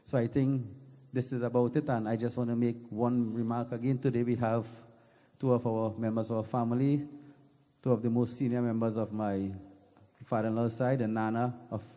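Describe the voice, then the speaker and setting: A man's voice: medium pitch, flat delivery, normal speed, warm tone. A man making informal, rambling announcements at a religious gathering in a temple. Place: temple hall. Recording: reverberant temple hall.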